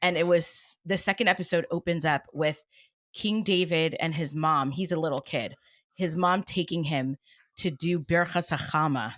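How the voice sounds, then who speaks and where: A woman co-hosts a casual podcast. Her voice is fairly low for a woman and sounds dry and close. She talks in a lively, conversational way. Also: moderate pace, dry recording. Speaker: podcast co-host.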